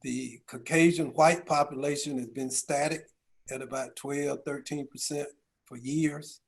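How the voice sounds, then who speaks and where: Here the voice is a bit slow, fairly even in intonation, high-leaning, and touched with vocal fry. It belongs to a middle-aged county chief executive from Georgia, US, who tells stories at a business round table using rhetorical questions and folksy asides.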